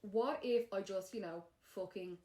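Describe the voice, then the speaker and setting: A woman's voice: mid-range voice, measured pace, mellow. A young Irish woman co-hosting a podcast in casual chat, blunt and swearing freely. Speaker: podcast co-host. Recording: roomy echo.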